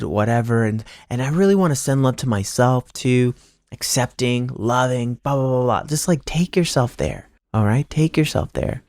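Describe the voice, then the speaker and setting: A man's voice: medium pitch, a little mellow, dry recording. Emphatic repetitive man with a dry voice. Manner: emphatic and repetitive, with stacked restarts and casual swearing. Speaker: astrology channel host. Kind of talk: casual spiritual pep talk answering viewer questions.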